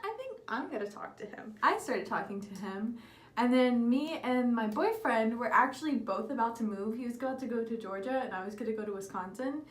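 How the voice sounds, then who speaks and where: A woman's voice: on the high side, a little fast, echoey room. A young woman casually telling a story while doing her makeup, candid and giggly, swearing freely. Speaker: beauty vlogger.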